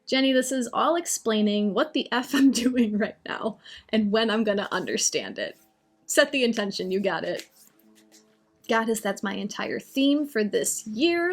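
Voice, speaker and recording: A woman's voice: a little high, lively intonation, moderate pace, soft background music. A woman on a live stream talking about astrology and answering viewer comments in a chatty, reassuring way. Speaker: astrology and oracle reader.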